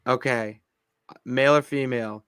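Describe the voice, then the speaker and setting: A young man co-hosting a wrestling podcast, relaxed, mostly chiming in with short replies. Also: medium pitch, moderate pace, clear, resonant tone, no room sound, studio quality. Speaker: podcast co-host. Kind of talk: casual chat.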